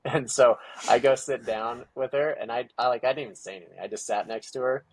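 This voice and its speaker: A husky-voiced man with a mid-range pitch tells a story fairly quickly in a casual conversation. He is a guest and the parent of a young ninja athlete, and he's animated, acting out quoted dialogue and using "like" as a filler a lot.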